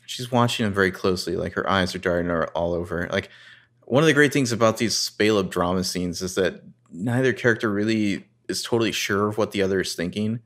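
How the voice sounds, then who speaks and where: A man co-hosting a casual podcast, retelling a TV scene and acting out lines with lively rises. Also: sits low, a little fast. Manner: narrates scenes and reads dialogue with animated rises. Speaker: podcast co-host recapping a TV episode. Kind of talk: casual chat.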